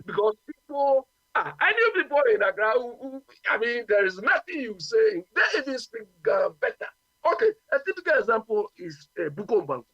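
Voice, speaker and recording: A man's voice: extremely high pitch, very animated, normal speed, pushed and bright, dry recording, muffled recording. A man from Ghana with a Ghanaian accent, arguing his views on a radio talk show and often asking "you understand?". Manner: emphatic, repeats "you understand?". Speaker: radio guest.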